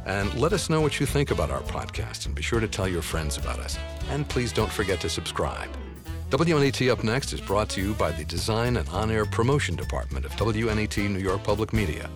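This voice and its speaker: A male podcast host asking questions in a measured, soft-spoken way. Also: on the low side, sing-song, over music. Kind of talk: podcast interview.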